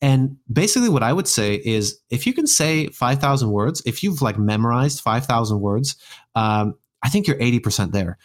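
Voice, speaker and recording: An animated American man with a mid-range voice talks at a moderate pace in a casual guest conversation. His speech wanders, with frequent restarts and filler words.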